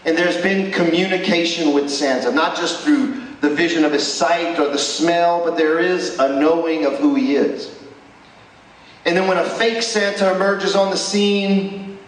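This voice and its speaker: A man delivers a chapel sermon, pressing his points with rhetorical questions. His voice sits a little high and carries from a distance. Long reverb from the hall rings around every phrase. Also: a little slow. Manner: emphatic preaching with rhetorical questions. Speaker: chapel speaker. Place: school chapel. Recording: echoey hall, distant mic.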